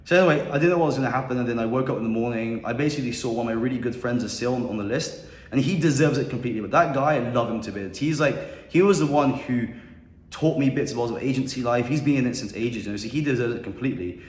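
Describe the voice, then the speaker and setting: A man's voice: mid-range voice, quick pace. A young man telling a story in a casual, confident and rambling way on a podcast. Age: young adult. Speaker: podcast guest. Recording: echoey room with long reverb.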